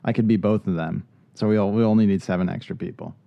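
A man's voice: deep voice, steady tone, quick pace, gravelly, no room sound, dull audio. A man co-hosting a podcast in casual chat, joking around and laughing often. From Philadelphia area. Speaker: podcast co-host.

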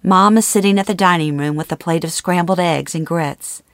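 A middle-aged woman narrating a personal memoir in a calm, measured, intimate way. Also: on the low side, no echo, clean studio sound. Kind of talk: memoir reading.

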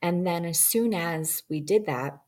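Low-voiced woman telling a rambling story. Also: unhurried, darkish tone. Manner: rambling, reflective, many ums and you-knows; acts out quoted dialogue in shifting voices. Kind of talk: personal storytelling about a past-life regression session.

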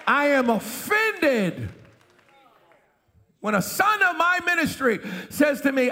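High, bright-voiced preaching man. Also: big pitch swings, slow pace, big-room sound. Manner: impassioned preaching, often shouting, call-and-response. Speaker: pastor. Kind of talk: sermon. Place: church sanctuary.

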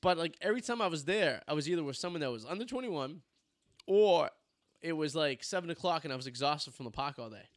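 Podcast co-host, man, 30s, rambling crude storyteller, slightly high voice, dry close mic. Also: animated, quick pace, dry recording. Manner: crude, laughs often. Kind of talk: casual chat.

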